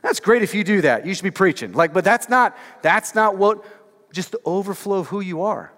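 In a church sanctuary with long hall reverb, a man delivers a sermon in a high, slightly bright voice with lively intonation at normal speed. He's a pastor speaking casually and conversationally, using many filler words and pointed rhetorical questions to his congregation.

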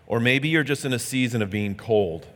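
A man's voice: mid-range voice, normal speed, a bit bright. A male pastor delivers a sermon in a plain, earnest, conversational manner. His voice sits in a middle range. A long reverb from the sanctuary trails his words.

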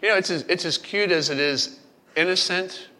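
A middle-aged man preaching a sermon as pastor, telling a family story in a playful, animated way. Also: high voice, moderate pace. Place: camp meeting hall. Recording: long hall reverb.

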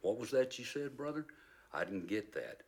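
An actor playing an old, hard-of-hearing Scottish church elder who gently chides another man with questions. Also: medium pitch, sing-song, moderate pace, pitched above the performer's own voice, close to an everyday voice. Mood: puzzled. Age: older.

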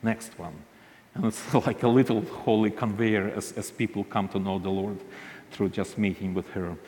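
A man tells a ministry story, halting often and restarting his sentences. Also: fairly low pitch, level tone, a little mellow, in a large hall. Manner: halting, frequent restarts and fillers. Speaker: ministry leader. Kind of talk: storytelling talk.

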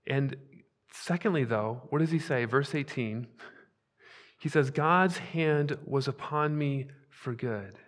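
A male pastor preaching a sermon, emphatic, swinging between hushed asides and loud, rising declarations. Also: medium pitch, slow pace, long reverb tail.

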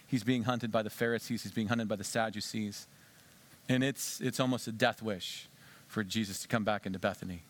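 In a lowish voice, a man delivers a sermon as a dramatic tale, moving from hushed tones to shouting and addressing pointed questions to his audience.

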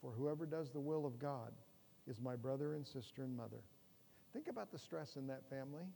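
A man's voice: medium pitch, animated, brisk, vocal fry, mellow, slight background noise. A middle-aged man preaching a sermon, conversational and humorous, with rhetorical questions to the congregation. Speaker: pastor. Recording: long hall reverb.

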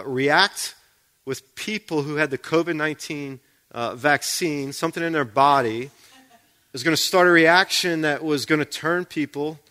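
A man's voice: on the high side, bright, forceful tone. A man preaching a sermon in a conversational way, often checking in with the congregation with questions.

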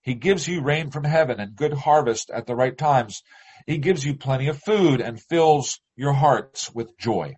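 A pastor reading a Bible passage aloud in a measured, deliberate way, then leading a prayer. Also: male voice, mid-range voice, a little mellow, slightly rough.

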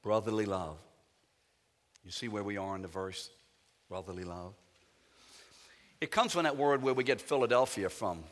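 Dramatic preacher in a reverberant hall. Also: male voice, lowish voice, moderate pace, long pauses. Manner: dramatic preaching, swinging from loud to quiet. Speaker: pastor. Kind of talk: sermon.

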